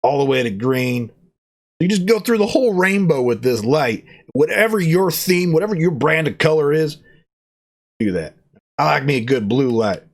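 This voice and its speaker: A man, reviewing a product in a casual unboxing vlog, joking in a playful cowboy persona with excited jumps in pitch. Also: moderate pace.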